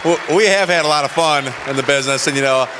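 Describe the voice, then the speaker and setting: A man giving a joking, animated motivational talk on stage, laughing at his own stories. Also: on the high side, fast talker, crowd noise, background noise. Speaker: speaker at a business convention. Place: stage in a large venue. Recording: large hall with reverb and audience.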